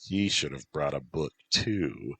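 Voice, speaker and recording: A man calmly narrating a story as an audiobook. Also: a bass voice, slow pace, husky, dry recording.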